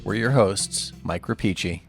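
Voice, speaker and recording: Male podcast host, low and gravelly, friendly and measured. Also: music in the background. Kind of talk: casual chat.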